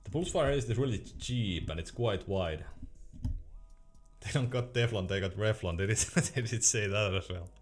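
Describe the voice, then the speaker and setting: A man's voice: on the low side, normal speed. A young man streaming casually, reading chat questions aloud in a laid-back way and laughing often.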